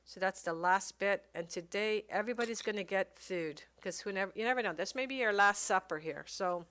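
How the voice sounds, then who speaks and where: A woman's voice: mid-range voice, brisk. Woman gaming commentator with a mid-range voice, casually reading out game text and musing aloud with frequent hesitations. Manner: reads game text aloud and thinks out loud, hesitant with many fillers. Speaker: let's play commentator.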